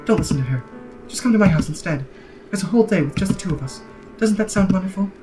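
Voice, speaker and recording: A man reading the lines of a soft-spoken, obsessive, lovesick young woman from a game, in a hushed, intense voice. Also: sits high, expressive, fast talker, music in the background. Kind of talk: reading game dialogue aloud.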